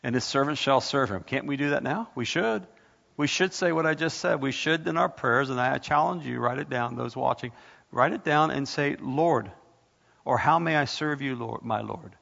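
A man's voice: mid-range voice, normal speed, creaky, fairly bright tone, big-room sound, muffled recording. A man preaching a sermon in a church, emphatic and full of rhetorical questions, repeating his points. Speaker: pastor.

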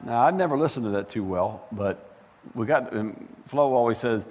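Male preacher, impassioned sermon, rhetorical questions, animated pitch, dull muffled recording. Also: normal speed, breathy edge. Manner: impassioned, rising to near-shouts, rhetorical questions. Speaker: pastor. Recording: echoey hall, dull lo-fi sound.

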